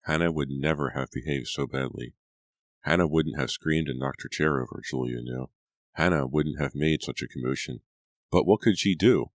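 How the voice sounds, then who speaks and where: Very deep male audiobook narrator. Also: normal speed, no echo, studio quality. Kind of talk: scripted narration.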